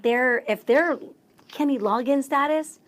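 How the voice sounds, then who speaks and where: Bubbly high-voiced woman. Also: measured pace. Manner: bubbly, excitable, acts out quotes. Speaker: radio show emcee, guest. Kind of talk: animated storytelling in conversation.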